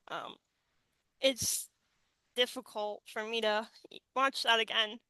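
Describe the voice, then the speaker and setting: A woman host speaks in a tearful, halting way, breaking off phrases as she tries not to cry. Her delivery is slow and her tone is bright and tense. The recording is dry, with no room echo. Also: fairly high pitch, steady tone, smooth. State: tearful, holding back crying. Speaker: podcast host. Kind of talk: emotional tribute monologue.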